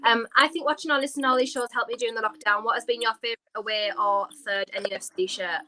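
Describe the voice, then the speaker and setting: A woman's voice: on the high side, steady tone, rapid-fire, background noise. A woman co-hosting a casual chat, loose and full of "like". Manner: casual, says "like" a lot. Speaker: podcast co-host.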